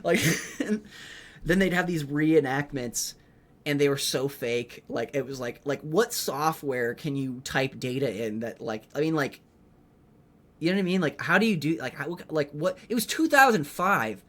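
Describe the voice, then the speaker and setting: A young man hosting a comedy podcast, rambling in an animated, profane way and filling his talk with "like.". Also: a little high, normal speed. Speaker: podcast host, rookie stand-up comedian.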